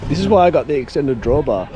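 A man's voice: fairly high pitch, big pitch swings, fast. A man with an Australian accent chatting casually in a vlog out on a four-wheel-drive track, laughing often and poking fun at himself. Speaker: vlogger. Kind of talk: casual outdoor vlog chat. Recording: outdoor recording with clear background noise.

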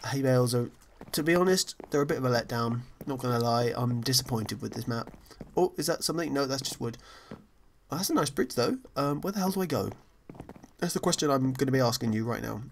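A man's voice: mid-range voice, slight background noise. A man giving casual, rambling commentary over his own gameplay, chatty, apologetic and self-deprecating. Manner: frequently apologetic. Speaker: gaming channel host.

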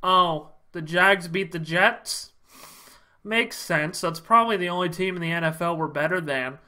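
A man's voice: sits high, takes it slowly, exaggerated voice. A man doing a gloomy, resigned fan. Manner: flat, resigned muttering. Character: gloomy pessimistic male fan.

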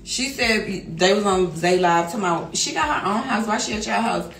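A middle-aged woman talking casually on a livestream, loud and animated, laughing often. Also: medium pitch, normal speed. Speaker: livestream host. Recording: echoey room with music behind.

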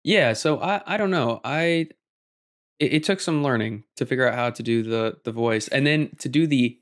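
A man in his twenties talking casually as a podcast co-host and narrator. He explains things slowly and thoughtfully, with some stops and restarts. His voice is mid-pitched. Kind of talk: casual chat.

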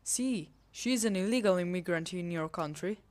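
Lady doing a nervous game maid, put-on spanish accent, broken careful english, sits a bit low. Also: normal speed, darkish tone, natural voice. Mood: worried. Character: harried adult female housemaid, worried and cautious. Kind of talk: reading a visual novel game aloud.

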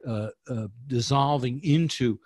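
A man from New York talking as a guest in a poetry discussion over a video call, thoughtful and halting, with many restarts. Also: medium pitch, darkish tone, dry recording. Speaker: guest poet.

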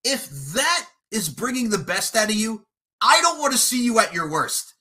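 A man cutting a boastful, profane wrestling trash-talk promo, taunting his opponent and breaking into shouted lines. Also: sits high, sing-song, moderate pace, breathy edge. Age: adult, podcasting eight years. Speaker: podcast promo contestant.

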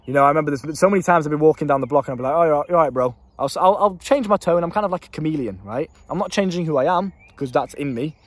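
A man's voice: fairly high pitch, darkish tone, breathy edge. A young British man and life coach, talking casually to a handheld camera, swearing freely and rambling.

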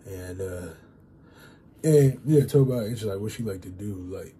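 A man's voice: fairly low pitch, normal speed, dark tone, slight background noise. A young man talking to his channel in a loose, rambling way, full of fillers and casual swearing. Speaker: YouTuber giving dating advice.

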